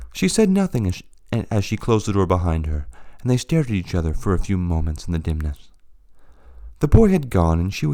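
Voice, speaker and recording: A man narrating his own dark short story, unhurried and expressive. His voice is very low and mellow, and his pitch moves widely through the sentences. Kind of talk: scripted narration.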